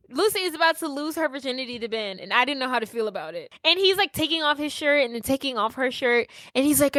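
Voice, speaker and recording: A woman's voice: high voice, fast talker, hardly any pauses, no room sound, studio quality. A woman co-hosting a podcast, casually retelling a movie plot and acting out the characters' lines with lots of swearing. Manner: animated storyteller acting out every character's lines, swearing freely. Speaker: podcast co-host.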